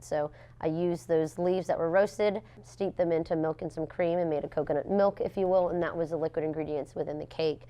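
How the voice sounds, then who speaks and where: A young pastry chef tells stories in a relaxed interview, her low voice animated as she laughs a lot and acts out what people said.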